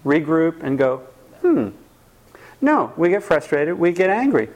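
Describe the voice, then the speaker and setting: A man with a voice on the high side gives a slow-paced live talk on anger. He energizes the room by quizzing the audience and imitating the people he quotes.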